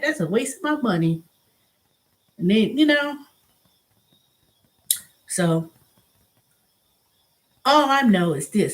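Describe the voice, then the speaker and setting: Middle-aged woman venting in a casual vlog. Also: high-pitched. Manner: animated venting, acts out quoted voices; restarts and repeats herself. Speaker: show host.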